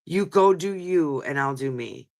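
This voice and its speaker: This deep-voiced woman, running a live chat stream and reading comments, talks a little slowly with lively intonation. Emotional and stuffy-nosed from crying, she rambles earnestly.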